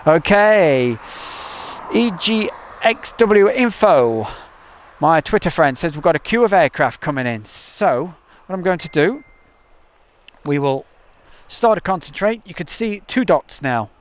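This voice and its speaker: Here an East Midlands man from England runs a casual outdoor live stream near an airport at night, reading viewer messages and chatting along. His voice sits a little high, with lively intonation and a measured pace, captured on a camcorder mic.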